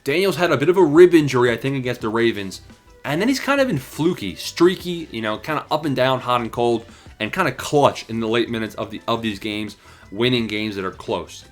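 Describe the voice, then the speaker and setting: A man's voice: medium pitch, lively intonation, brisk, faint music behind. A young man casually calling his football picks to viewers in slangy, hyped talk, out of breath. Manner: hyped, slangy, talks to viewers as "boys" and "bro". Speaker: sports predictions host. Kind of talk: casual sports betting talk.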